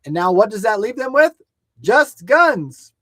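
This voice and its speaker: Man, American, high voice, heated profane rant, dry close mic. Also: very animated, measured pace, dry recording. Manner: angry, profane, shouting at times. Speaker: livestream news show co-host. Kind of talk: heated ranting livestream commentary.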